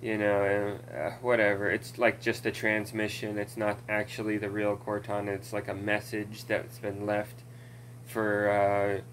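A man ranting casually at home on a desk mic, drawling slowly through a stream of fillers. He swears freely as he rambles along, with a faint hum of noise behind him. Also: lowish voice, completely flat delivery, fairly bright tone, rough recording. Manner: rambling and profane, with many fillers and laughs. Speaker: gaming commentator.

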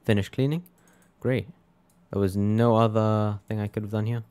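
A man's voice: on the low side, fairly even intonation, normal speed, darkish tone, smooth. A young man giving casual let's play commentary, muttering wry reactions to a game. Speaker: gameplay commentator. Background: game music.

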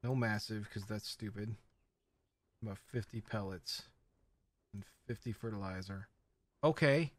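A man giving casual running commentary as he plays a video game, talking to his viewers and often bursting into excited exclamations. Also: lowish voice, unhurried, pauses often. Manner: excitable, squeals often, chatty. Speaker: game streamer.

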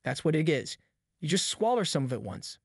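A man's voice: a little high, sing-song, fairly quick, creaky, husky, no echo, clean studio sound, heavily acted. A man voicing scared backwoods boys. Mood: scared whisper. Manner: rustic dialect drawl, hushed and fearful. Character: two frightened backwoods boys whispering at night.

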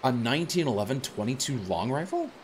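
A man's voice: medium pitch, very animated, fairly quick, slight background noise. A man streaming a video game, chatting casually and rambling with many restarts and self-corrections. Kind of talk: casual gameplay commentary.

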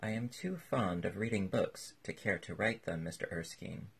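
A man plays a witty, languid aristocrat who drawls out his clever lines in a low, gravelly, very husky voice, like a classic storybook reading. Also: expressive, moderate pace, fairly bright tone, heavily acted. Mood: urbane.

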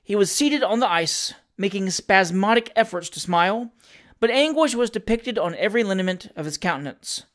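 A narrator reading a classic novel aloud, measured and expressive. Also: medium pitch.

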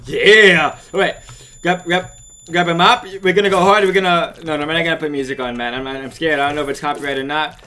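A man giving frantic, excitable gaming commentary and chatting with his viewers as he plays. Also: on the high side, fairly quick, a little hiss or hum. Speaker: let's play gamer.

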